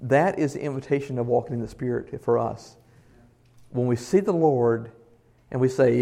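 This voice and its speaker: A man's voice: medium pitch, brisk, vocal fry. A male pastor delivering an earnest, emphatic sermon and asking the congregation questions. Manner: earnest, emphatic preaching with shifts in loudness.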